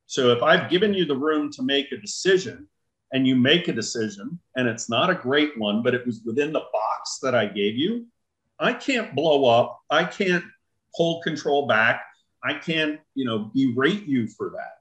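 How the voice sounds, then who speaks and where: Animated middle-aged man telling stories. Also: medium pitch, normal speed, low-quality recording. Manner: animated, acts out quoted dialogue. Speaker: guest, leadership training firm owner. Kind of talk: storytelling in an interview.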